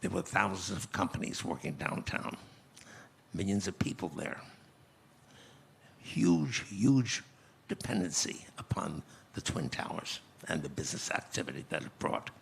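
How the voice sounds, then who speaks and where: Gravelly, deep-voiced man in his nineties. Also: very animated, slight background noise. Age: 90s. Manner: measured, reflective storytelling with pauses. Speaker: conference guest speaker. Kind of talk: recounting memories on stage. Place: conference stage.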